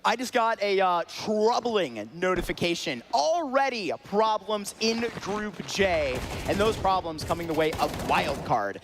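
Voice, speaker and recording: A man's voice: high voice, expressive, a little slow, hardly any pauses. A man casting an esports match live, chatty and joking with his co-caster at an event venue. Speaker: esports commentator. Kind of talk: live game commentary.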